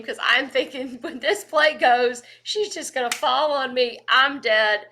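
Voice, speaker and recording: A woman's voice: sits high, unhurried, hardly any pauses. A woman, giving a virtual leadership training and telling stories with energy and laughter over a video call microphone. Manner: energetic, animated storyteller who laughs often. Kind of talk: virtual training lecture with storytelling.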